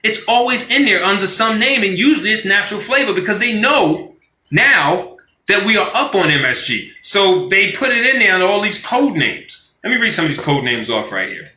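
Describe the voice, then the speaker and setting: A man with a high, sharply bright voice rants live to his viewers. He talks loosely and with plenty of profanity, and he acts out quoted voices along the way. The room rings with echo around him. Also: big pitch swings, normal speed. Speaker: vlogger on a live stream. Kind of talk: casual profane rant.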